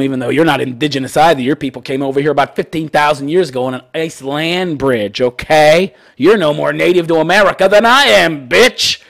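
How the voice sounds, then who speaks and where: With few pauses and a brisk pace, the host of a call-in commentary show rants about a listener's letter, profane and sarcastic, and keeps repeating "wait, wait." His voice sits on the high side, gravelly and a bit bright.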